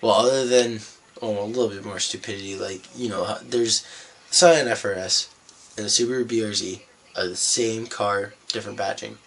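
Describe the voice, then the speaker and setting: A man's voice: fairly low pitch, fairly even intonation, moderate pace, creaky, a bit bright. A young man from Canada vlogging, telling a rambling, profane story in a laid-back way. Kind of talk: casual storytelling vlog.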